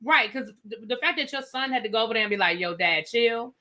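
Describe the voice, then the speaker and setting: A woman hosting a casual reality TV recap, opinionated and animated, acting out what people said. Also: on the high side, very fast. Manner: animated, opinionated, acts out quotes. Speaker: recap show host.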